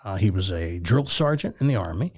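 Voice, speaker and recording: An older Tennessee man with a Southern accent, once a radio talk host, spins folksy stories as an interview guest. His low voice runs a little fast and carries a breathy edge, and he tells his tales with animated, homespun charm.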